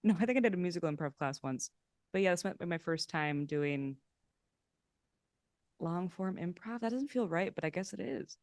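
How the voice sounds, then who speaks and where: Young woman guest on a podcast, smooth clear voice, close dry mic, chatty and jokey. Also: on the low side, moderate pace, no echo. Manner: chatty, self-mocking, animated quotes. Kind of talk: casual chat.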